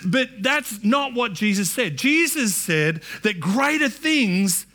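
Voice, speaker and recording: A middle-aged male pastor delivers a sermon in a church. His voice sits high and sounds bright and forceful, and he keeps it conversational, restarting phrases and slipping into asides. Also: very animated, slow pace.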